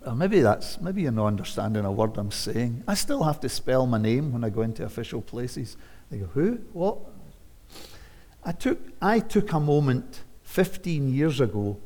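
A man's voice: mid-range voice, sing-song, moderate pace. Scottish man in his seventies preaching. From Scotland. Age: 70s. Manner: conversational, swinging from quiet asides to loud emphatic declarations. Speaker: visiting preacher. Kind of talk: sermon. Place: church sanctuary. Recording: long church reverb.

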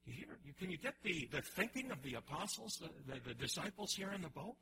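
A man preaching a sermon in an animated way, often restarting his phrases and acting out the voices he quotes. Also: fairly high pitch, a little fast, noisy background. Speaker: pastor.

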